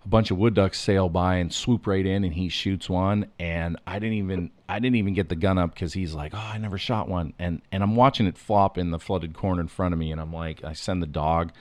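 A man telling a lively hunting story in casual podcast chat, acting out what people said. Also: low voice, dry recording. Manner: animated storyteller, acts out quotes.

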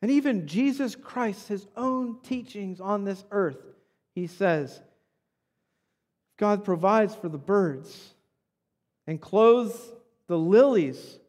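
A man's voice: sits high, lively intonation, slow pace, long pauses, darkish tone. A man in his thirties preaching a sermon as pastor, conversational, often checking in with the congregation by asking "right?". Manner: conversational preaching with frequent tag questions. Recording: long hall reverb.

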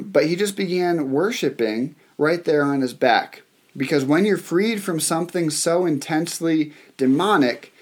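Young male preacher, animated storyteller, a bit high-pitched. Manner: animated storytelling with fillers and restarts. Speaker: pastor. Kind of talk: sermon storytelling.

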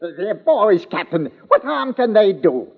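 A man's voice: high-pitched, sing-song, measured pace, vocal fry, breathy edge, heavily acted. An actor playing a timid, fawning pirate crewman who wheedles in nervous old pirate dialect, in 1940s radio acting. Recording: muffled old radio broadcast.

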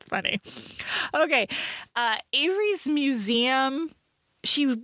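A woman co-hosting a podcast in casual chat, talkative and quick to laugh, with lots of "like" in her speech. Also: sits high, expressive, fairly bright tone. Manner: chatty, laughs often, says "like" a lot. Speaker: podcast co-host reviewing a TV movie.

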